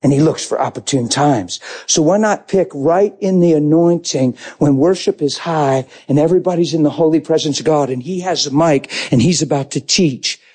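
Passionate preacher, dark husky voice. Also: male voice, on the high side, moderate pace, hardly any pauses. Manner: passionate storytelling, animated. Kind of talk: sermon.

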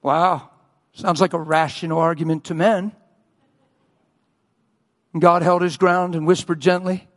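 A man preaching a sermon as a pastor, telling a story and acting out the quotes with loud cries. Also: flat delivery, unhurried, pauses often. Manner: acts out quotes, shouting and wailing at high peaks. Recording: long hall reverb.

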